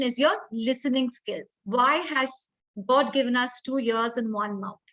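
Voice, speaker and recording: Bright high-voiced Indian woman trainer. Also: rough recording. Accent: Indian English. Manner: clear instructive delivery with deliberate emphasis on key words. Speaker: grooming and communication trainer. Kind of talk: online training session.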